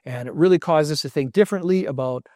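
A man's voice: a little high, fast, no echo, studio quality. A man preaching a sermon in a conversational way, often asking his listeners questions and telling stories. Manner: conversational, asks the audience questions, animated storytelling.

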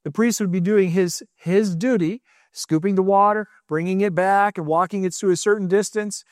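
High-voiced man preaching animatedly. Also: normal speed, no echo, clean studio sound. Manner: animated, restarts and repeats words, raises voice for quotes. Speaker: teacher. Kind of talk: sermon.

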